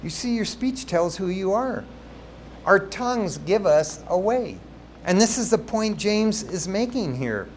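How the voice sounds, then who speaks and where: Male pastor, fairly high voice, chatty storytelling sermon, faint background noise. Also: unhurried. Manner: animated, conversational storytelling with asides to the congregation.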